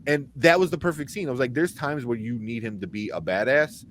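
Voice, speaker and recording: A man's voice: mid-range voice, brisk, fairly bright tone, slight background noise. A man co-hosting a podcast, casually recapping a movie scene in a rambling way, acting out the characters' lines. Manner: rambling recaps with acted-out quotes. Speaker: podcast co-host. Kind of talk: casual chat.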